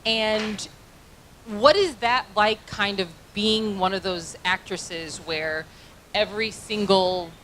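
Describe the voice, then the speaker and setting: Female interviewer, mid-pitched, hesitant phrasing, faint background hiss. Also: takes it slowly, fairly bright tone. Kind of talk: asking questions in a talk.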